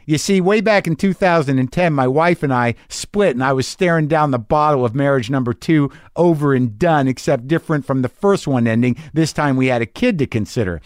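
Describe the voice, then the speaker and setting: A middle-aged man hosts a podcast in a loose, rambling monologue, swearing freely and circling back on himself. His voice sits at an ordinary male pitch. The sound is close and dry, with no room around it. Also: expressive, moderate pace, no echo. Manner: loose, profane, rambling with restarts. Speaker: podcast host. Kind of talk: casual monologue reading listener emails.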